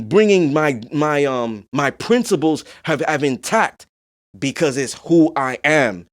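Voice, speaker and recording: Fairly high-pitched, a man hosts his podcast in a casual solo monologue. He curses freely, speaks bluntly and emphatically, and often checks in with "you know what I'm saying."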